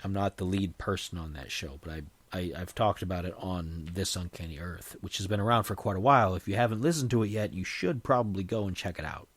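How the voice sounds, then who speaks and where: A man's voice: sits low, brisk, hardly any pauses, no room sound. A man hosting his own podcast, talking casually in a rambling way with frequent restarts. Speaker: podcast host. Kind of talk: casual solo podcast talk.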